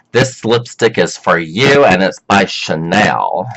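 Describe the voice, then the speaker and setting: Slow-talking, low-voiced man rambling to camera. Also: expressive, gravelly, fairly bright tone. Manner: chatty and exclamatory, drifts off topic mid-sentence. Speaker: vlog host and counselor. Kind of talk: casual rambling monologue.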